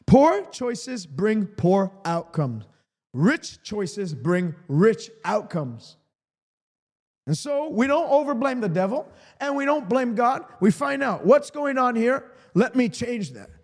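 A man's voice: very high-pitched, a little mellow, in a large hall. A man preaching an emphatic live-streamed sermon, repeating key lines for emphasis.

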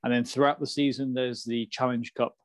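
A man explains things as a podcast co-host, often repeating the first words of a phrase. His delivery stays flat and even. The recording is dry and close. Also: mid-range voice, brisk, dry recording. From England. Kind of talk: casual podcast chat.

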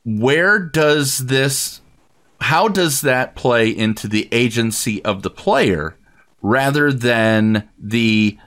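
A man hosting a podcast, speaking hesitantly with many pauses and restarts. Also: mid-range voice, expressive, fairly bright tone. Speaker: podcast host. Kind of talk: casual podcast chat.

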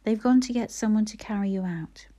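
Storybook girl, brave and kindly, earnest and soothing, mellow tone; a woman reader puts her on. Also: mid-range voice, a little fast, lightly acted. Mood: gentle, reassuring. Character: brave, practical young girl.

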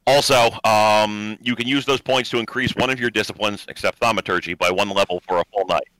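A man's voice: fairly low pitch, steady tone, brisk, fairly bright tone, no echo, low-quality recording. A man running a tabletop role-playing game, explaining the rules with many hesitant fillers. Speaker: game master.

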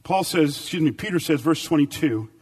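A man preaching a sermon with emphatic repetition, swinging between loud, high bursts and low, quiet stretches. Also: lively intonation, brisk, far from the mic. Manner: dynamic, emphatic repetition with big swings in pitch and volume.

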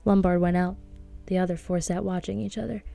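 A woman reading a novel aloud, with a tense, hushed delivery of the characters' inner thoughts. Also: fairly low pitch, flat delivery, a little fast, gravelly, soft background music. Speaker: audiobook reader.

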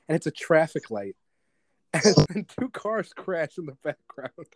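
Male podcast co-host, lively swooping delivery, dry close sound, rambling storyteller. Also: medium pitch, normal speed, dry recording. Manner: animated, rambling storyteller who acts out movie quotes. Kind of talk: casual movie chat.

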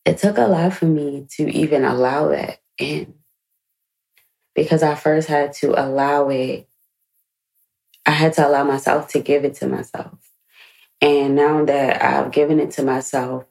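A woman in her late thirties talks through a candid personal reflection on her podcast. Her voice sits very low and has a gravelly edge. She speaks frankly and emotionally, and she swears freely. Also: a little slow, darkish tone, low-quality recording. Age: 30s. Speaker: podcast host.

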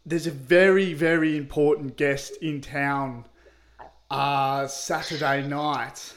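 A man's voice: a little high, steady tone. A man putting on a nasal country-drawl hotel caller. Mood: nervous, bluffing. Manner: hesitant, halting, stalling with fillers. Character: male hotel caller in a put-on rural country accent. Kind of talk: prank phone call.

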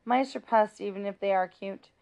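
A woman's voice: mid-range voice, normal speed, gravelly, darkish tone, lightly acted. A woman reading aloud and voicing a young female teacher who coos fondly over a small animal. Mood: musing. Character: young woman teacher, sleepy, fond of the mouse.

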